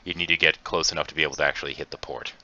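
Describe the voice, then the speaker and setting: A man's voice: rumbling low, fairly even intonation, racing, sharp tone. A man hosting a casual group call on a stream, talking through technical matters and laughing often. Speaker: stream host. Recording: dull lo-fi stream audio.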